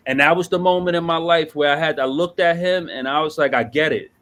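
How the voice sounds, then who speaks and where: A man's voice: a little high, a little fast, hardly any pauses, a bit bright. A man earnestly telling his personal story of addiction and recovery, with emotional, conversational storytelling. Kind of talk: personal testimony.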